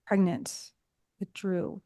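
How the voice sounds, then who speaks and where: A woman's voice: medium pitch, flat delivery, takes it slowly, mellow. A woman in her fifties, a psychologist guest, telling personal stories in a chatty way and acting out past conversations. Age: 50s. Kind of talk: casual storytelling interview.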